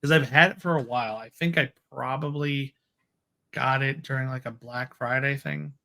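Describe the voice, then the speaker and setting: A man with an ordinary mid-range voice hosting a relaxed movie podcast. He talks in an eager, chatty way and laughs often. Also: mid-range voice, moderate pace. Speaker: podcast co-host. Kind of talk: casual movie discussion.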